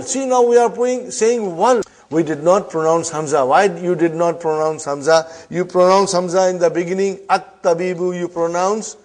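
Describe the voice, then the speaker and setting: Man teaching Arabic, brisk and high-voiced. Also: darkish tone. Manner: addresses students as brothers and sisters, checks understanding with "huh?"; reads Arabic slowly, then explains quickly. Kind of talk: online language class.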